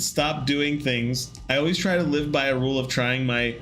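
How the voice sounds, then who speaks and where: A man in his thirties streaming a game devlog, rambling casually with lots of fillers and getting animated when he quotes people. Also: medium pitch, normal speed, few pauses, soft background music. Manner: rambling, self-deprecating, with many fillers. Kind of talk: casual livestream chat.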